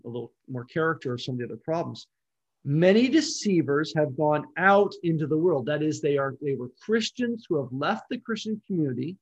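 A man with a slightly high voice teaches a Bible study, talking through a passage in a loose, conversational way. He restarts phrases and checks in with the listeners. The recording sounds dull and lo-fi. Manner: explains in an unscripted, conversational way, with restarts and "right?".

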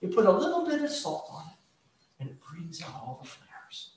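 A man's voice: high-pitched, wildly swooping pitch, fairly quick, darkish tone. A man preaching a conversational sermon, teaching with everyday examples and acted-out scenes. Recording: echoey room, distant mic, faint noise.

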